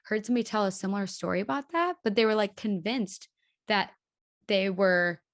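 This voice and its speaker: A woman's voice: mid-range voice, brisk. A woman hosting a chat podcast, talking in a supportive, reflective way with many "like" fillers. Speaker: podcast host. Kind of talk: casual chat.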